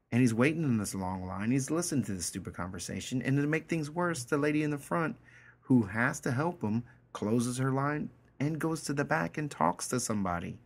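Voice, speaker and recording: A man's voice: medium pitch, creaky. A man teaching a story, reading it aloud line by line and then explaining it in a casual way, often checking in with his listeners.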